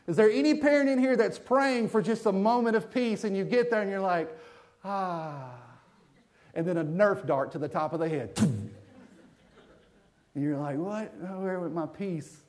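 A male preacher gives a sermon, joking with his congregation. His voice sits high for a man, and his pitch swings widely as he talks. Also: expressive, moderate pace, darkish tone.

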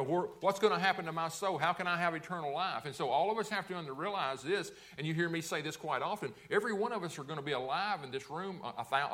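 A man's voice: on the high side, fairly bright tone. A man preaching a sermon to a congregation in a church, posing rhetorical questions and answering them himself, often repeating words. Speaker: pastor. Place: church sanctuary.

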